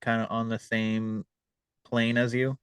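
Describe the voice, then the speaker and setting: A man's voice: medium pitch, level tone, a little slow, a bit bright, clean tone, dry recording, studio quality. A man hosting a podcast, asking easygoing questions and giving short replies in casual chat. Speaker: podcast host.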